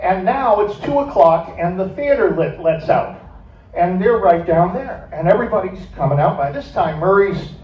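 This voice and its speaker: Older man, somewhat high voice, animated storyteller, echoey hall sound, heard from a distance. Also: moderate pace. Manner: animated, laughs through his anecdote. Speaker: former radio station staffer. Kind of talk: storytelling on stage. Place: stage at a music club. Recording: echoey, dull, from far off.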